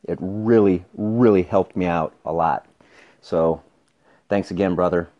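A deep-voiced man leaves a grateful call-in message, speaking loudly. The sound is dull and lo-fi. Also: unhurried. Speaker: caller.

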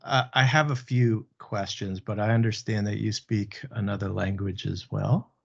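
A man hosting an interview, asking questions in a relaxed, hesitant way with many fillers. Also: on the low side, normal speed, gravelly. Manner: friendly, hesitant, filler-heavy. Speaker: interview host. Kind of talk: casual conversational interview. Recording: dull lo-fi audio.

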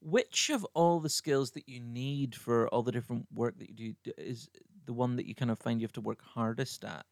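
A man hosting a podcast, asking long rambling questions in a relaxed chat. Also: mid-range voice, fairly quick, creaky, hardly any pauses, no room sound, studio quality. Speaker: podcast host. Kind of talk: casual interview chat.

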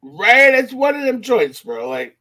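A young man co-hosting a podcast, telling stories in an animated, profane way. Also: very high-pitched, a little slow. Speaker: podcast co-host. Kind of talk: casual chat.

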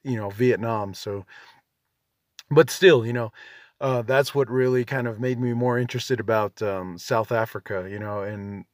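A man's voice: medium pitch, normal speed, dry recording, studio quality. A man in his forties, a veteran hosting a podcast, rambling in a casual, self-deprecating monologue full of "you know" and "um". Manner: laid-back, self-deprecating.

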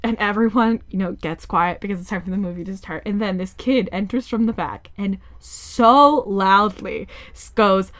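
A woman's voice: normal speed, hardly any pauses. A young woman co-hosting a podcast, telling stories in casual chat and acting out quotes. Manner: animated storyteller, acts out quotes in high voices. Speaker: podcast co-host.

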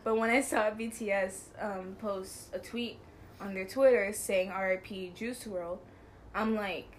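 A woman's voice: medium pitch, steady tone, a little slow, slight background noise. A young woman co-hosting a podcast, chatting casually in a giggly, rambling way and apologizing often. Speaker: podcast co-host. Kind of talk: casual chat.

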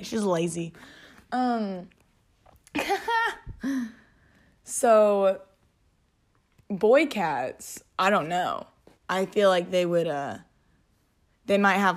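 A woman's voice: fairly low pitch, lively intonation, takes it slowly, pauses often. A woman hosting a casual solo podcast from home, rambling along with lots of fillers and amused by her own jokes. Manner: rambling, filler-heavy, chatty, amused by herself. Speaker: podcast host. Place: at home, alone.

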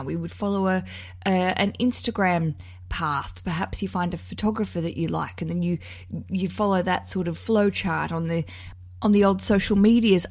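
A woman's voice: medium pitch, a little mellow, no echo. A chatty woman in her thirties with an Australian accent hosts her podcast. She talks casually and pokes fun at herself. Her voice is close and dry, with no room around it. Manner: chatty, self-deprecating, laughs easily. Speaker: podcast host. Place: outdoors at a party for the interview.

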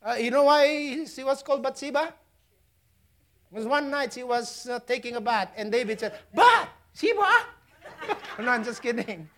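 Preaching with a Filipino accent, this woman from the Philippines moves between forceful emphasis and near-whispered hush, laughing softly at her asides. Her voice is on the high side, with fairly even intonation and a moderate pace.

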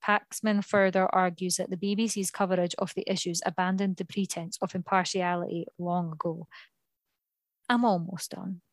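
A woman's voice: lowish voice, level tone, normal speed, no room sound. A woman, co-hosting a podcast and reading from notes, often stopping to correct herself and apologise. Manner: reads from notes, with frequent apologies, ums and self-corrections. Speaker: podcast co-host. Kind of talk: reading prepared notes in casual podcast talk.

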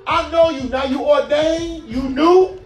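A man voicing his foul-mouthed, impatient older great-aunt, loud and shouting. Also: a little high, expressive, fairly quick, close to an everyday voice. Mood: furious. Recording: roomy hall, distant mic, faint music.

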